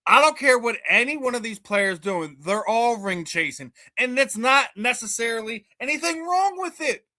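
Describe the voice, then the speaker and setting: A man co-hosting a sports podcast, debating in a halting way with frequent restarts that build into emphatic points. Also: very high-pitched, expressive, sharp tone. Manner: halting, many restarts, rises when making a point.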